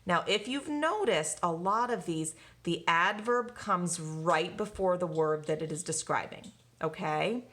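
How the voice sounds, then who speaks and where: A woman's voice: fairly low pitch, fairly bright tone. A woman teacher giving a recorded grammar lesson to young children, patiently asking questions and answering them herself. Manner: slow, patient, asks and answers own questions.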